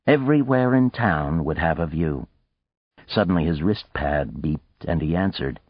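Low-voiced male audiobook narrator. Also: expressive, a little slow, no room sound. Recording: dry, dull lo-fi audiobook recording.

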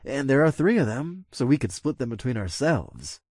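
A man's voice: mid-range voice, very animated, normal speed, a little mellow, husky, no echo, clean studio sound. A man voicing a sneering frat bully. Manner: sneering, mocking. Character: cocky, taunting young frat guy.

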